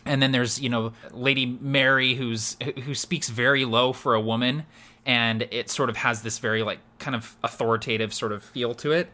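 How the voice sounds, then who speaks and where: A man's voice: mid-range voice, fairly even intonation, moderate pace, pushed and bright. A man co-hosting a podcast, explaining voice-acting tips in a chatty, filler-heavy way. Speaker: podcast co-host. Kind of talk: casual chat.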